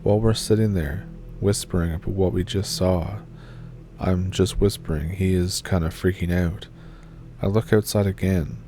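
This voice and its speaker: A man narrating a first-person horror encounter story in a steady, measured read. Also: low voice, slight background noise.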